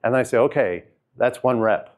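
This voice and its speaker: A man talking casually about his own experiences in a self-help talk, rambling, with fillers and restarts, and dropping quiet on heavy moments. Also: medium pitch, moderate pace. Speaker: host sharing personal experience.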